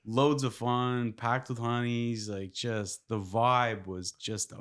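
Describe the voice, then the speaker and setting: A man from Canada, a podcast guest, telling stories in a loose, animated way with lots of laughing and swearing. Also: mid-range voice, takes it slowly, smooth. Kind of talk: casual podcast storytelling.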